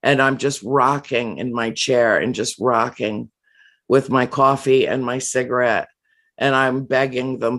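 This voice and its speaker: A woman guest telling a personal story in an earnest, emotional way, often pausing and restarting her sentences. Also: rumbling low, steady tone, a bit bright. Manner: emotional, halting with frequent restarts and fillers.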